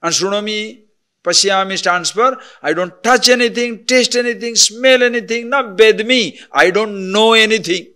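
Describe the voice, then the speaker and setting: A man teaches scripture in a spiritual discourse. His voice sits a little high and sounds forceful and bright. He moves between emphatic points and quiet asides, often asking his listeners questions. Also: normal speed. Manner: expressive, rhetorical questions, swings from emphatic to soft.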